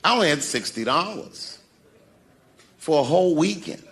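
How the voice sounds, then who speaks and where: A man telling a profane stand-up story, swinging between loud outbursts and hushed mumbles. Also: a little high, sing-song, moderate pace. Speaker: stand-up comedian.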